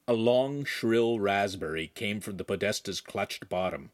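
A man narrating a young adult novel with animated storytelling. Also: on the low side, unhurried. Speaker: audiobook narrator. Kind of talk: scripted narration.

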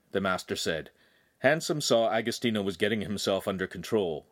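A man reading a novel aloud as scripted narration, with expressive storytelling. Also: on the low side, fairly quick. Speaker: audiobook reader.

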